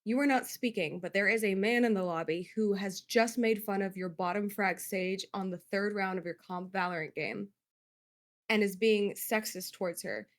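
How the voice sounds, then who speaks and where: A woman's voice: mid-range voice, normal speed. A woman who grew up in Spain, hosting a game show and asking contestants long, rambling questions in an affectionate tone.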